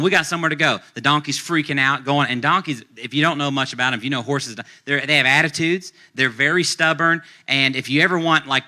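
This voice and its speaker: A male pastor preaching a sermon, retelling a story in a lively, conversational way and acting out the characters' lines. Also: medium pitch. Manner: conversational, uses casual slang.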